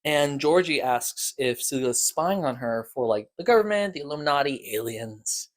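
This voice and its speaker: A man's voice: a little high, animated, moderate pace. A man giving a casual, rambling recap of podcast episodes as a reviewer, talking loosely and stopping to restart his thoughts.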